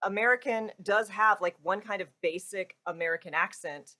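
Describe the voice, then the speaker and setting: Chatty Texan woman, mid pitch. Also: normal speed, bright, forceful tone. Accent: North Texas. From Texas. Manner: chatty, self-deprecating, laughs between remarks. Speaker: podcast guest. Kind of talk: casual chat.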